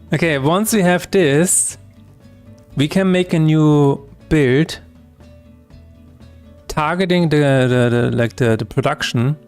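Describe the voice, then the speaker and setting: A man's voice: fairly high pitch, slow pace, long pauses, a little mellow, clear, resonant tone, faint music behind. A man streaming his game development work, talking through each step aloud in a chatty, self-correcting way. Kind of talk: live-streamed coding chat.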